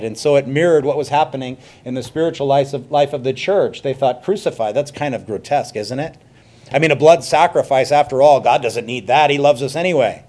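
A man preaching a sermon as pastor, emphatic and swelling loud then dropping soft, with conversational asides to the congregation. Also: mid-range voice.

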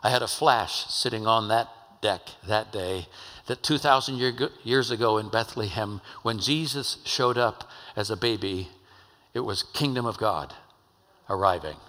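A man's voice: fairly low pitch, measured pace, pushed and bright. An older man, a pastor, telling a story in a conversational sermon in a church. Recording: long hall reverb.

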